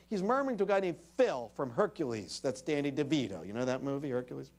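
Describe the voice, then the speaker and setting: A man delivering a public talk with a lively, swooping delivery. He speaks a little higher than most men. He acts out other people's lines as he tells his story. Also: fast, few pauses. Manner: animated storyteller who acts out dialogue; addresses the audience directly. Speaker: invited speaker. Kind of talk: public lecture.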